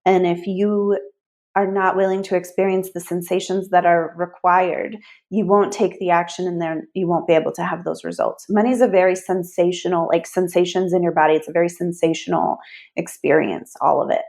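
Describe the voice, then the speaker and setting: A woman's voice: on the low side, steady tone, a little fast, a little mellow. A woman money mindset coach, a podcast guest, who explains her ideas earnestly and often says "like". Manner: earnest explaining, many "like" fillers.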